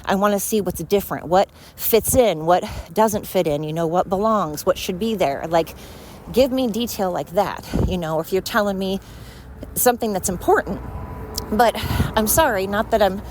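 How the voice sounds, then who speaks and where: A woman's voice: medium pitch, moderate pace, darkish tone, slight background noise. Winded woman rambling on a walk. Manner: scattered, chatty, self-deprecating. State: out of breath from walking uphill. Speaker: podcast host. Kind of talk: rambling solo podcast. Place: outdoors on a night walk by a road.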